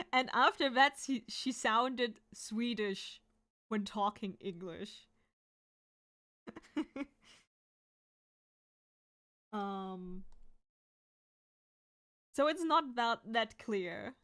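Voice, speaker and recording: A woman from Germany with a German accent, a native German speaker chatting casually while drawing on stream, talking fast and sometimes fumbling her words. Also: on the high side, fairly bright tone. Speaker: artist streamer.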